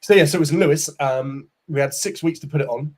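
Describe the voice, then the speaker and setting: A man's voice: a little high, fairly quick, slightly rough. Candid chatty man in his forties. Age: 40s. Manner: chatty, candid storyteller with casual slang. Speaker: startup CEO, podcast guest. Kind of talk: casual interview chat.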